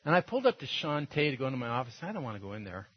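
A man's voice: medium pitch, big pitch swings, very fast, slightly rough. A man, a pastor preaching a sermon in a loose, conversational storytelling way, with frequent laughs and filler. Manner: conversational, anecdotal, laughs often. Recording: dull lo-fi sound.

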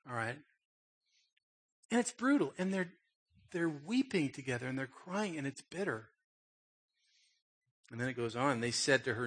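A man's voice: medium pitch, normal speed, pauses often, fairly bright tone. A man preaching a sermon and reading scripture, talking emphatically and conversationally and often checking in with his listeners. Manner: emphatic, conversational, asks "okay?". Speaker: pastor.

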